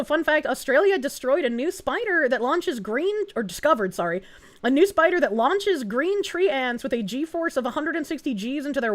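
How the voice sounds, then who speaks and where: A woman streamer chatting live, reacting fast and swearing freely while thanking donors. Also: high-pitched. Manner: excitable, profane, quick reactions with frequent laughs. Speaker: VTuber streamer. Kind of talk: casual live-stream chat reading donations.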